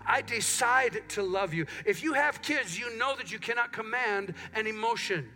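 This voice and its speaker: Soft background music accompanies a middle-aged pastor preaching in a church sanctuary at normal speed. His voice is high-pitched, and he brings his stories to life by acting out what people say.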